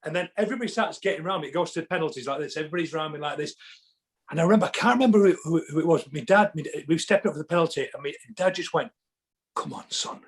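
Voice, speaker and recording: A man guesting on a podcast in casual chat, telling animated stories and acting out what people said. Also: fairly high pitch, very fast, breathy edge. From England. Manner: animated storyteller, acts out quotes, many restarts.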